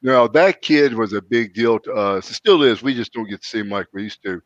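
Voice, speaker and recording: A man's voice: a little fast, no room sound. A man hosting a casual podcast who tells rambling, folksy stories and answers listener questions. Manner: folksy, rambling storyteller with lively quoted voices. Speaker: podcast host. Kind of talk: casual chat, storytelling. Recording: dry, dull low-fidelity audio.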